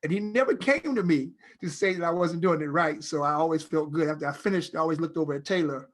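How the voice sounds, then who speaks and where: A middle-aged man, an actor, talking as an interview guest in a loose, rambling, animated storytelling way. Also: fairly high pitch, quick pace. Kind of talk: casual interview conversation.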